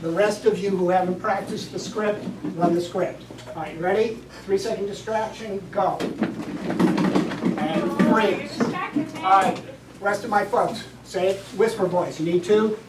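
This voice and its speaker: A woman's voice: medium pitch, steady tone, unhurried, background noise. A woman teacher coaching a classroom through steps, giving directions in an instructive way. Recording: echoey classroom from far off.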